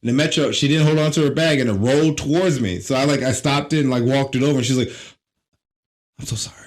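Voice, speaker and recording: A man's voice: mid-range voice, steady tone, fast talker. A man co-hosting a comedy podcast, telling everyday stories in a laid-back, casual way. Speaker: podcast co-host.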